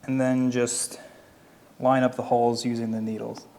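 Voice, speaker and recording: A man's voice: medium pitch, normal speed, gravelly. Philadelphia-accented man in a reverberant room. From Philadelphia area. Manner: relaxed, talks while working, step by step. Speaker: leathercraft instructor. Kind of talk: casual how-to tutorial.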